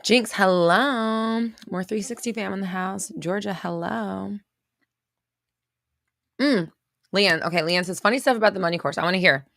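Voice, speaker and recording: Gravelly-voiced woman chatting on a livestream. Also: mid-range voice, normal speed, pauses often, fairly bright tone, dry recording, studio quality. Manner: chatty, reads out viewer comments. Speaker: livestream host. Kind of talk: casual livestream chat greeting viewers.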